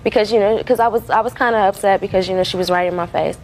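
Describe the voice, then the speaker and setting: A woman's voice: mid-range voice, fast, a little mellow, slight background noise, rough recording. A woman defendant telling her side in court, rambling and full of fillers and restarts. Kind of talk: courtroom testimony.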